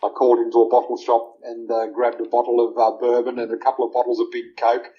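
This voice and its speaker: A man's voice: medium pitch, completely flat delivery, fast. A middle-aged Australian man, an interview guest, earnestly telling a heartfelt personal story and retelling family conversations in detail. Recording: slightly muffled lo-fi audio.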